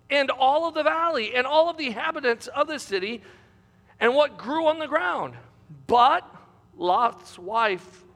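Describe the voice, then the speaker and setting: A man's voice: sits high, fairly bright tone, in a large hall. A man preaching a sermon, reading scripture aloud with emphasis and turning aside to address the congregation.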